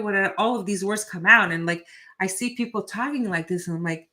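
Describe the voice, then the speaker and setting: A woman's voice: mid-range voice, fairly quick, bright, forceful tone. A middle-aged woman hosting a live reading, talking straight to her viewers in a direct, chatty way and often asking "right?". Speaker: tarot reader and channel host.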